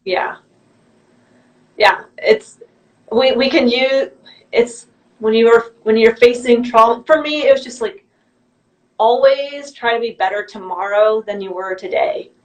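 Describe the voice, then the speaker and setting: A woman guest on a podcast, speaking reflectively and haltingly, often restarting her sentences. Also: a little high, rough recording. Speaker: guest, YouTuber. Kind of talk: conversational interview.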